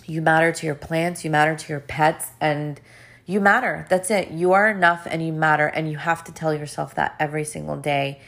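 A woman's voice: low voice, steady tone, moderate pace, a bit bright. A woman hosting a podcast as a life coach, talking earnestly and with emphasis, often repeating her phrases. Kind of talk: motivational podcast monologue.

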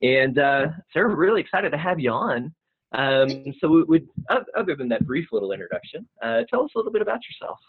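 A man's voice: a little high, breathy edge. Man co-hosting over a tinny line. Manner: relaxed, halting with "uh" and "um". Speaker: podcast co-host. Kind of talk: podcast interview.

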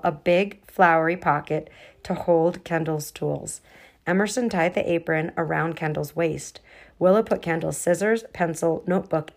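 A woman reading a children's storybook aloud to a child in a gentle, lively way. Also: on the low side.

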